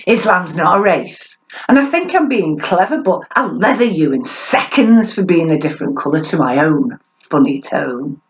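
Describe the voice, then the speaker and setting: A woman performance poet delivering a spoken word set with a sardonic, lively manner and the odd laugh. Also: fairly low pitch, normal speed. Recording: dull lo-fi recording.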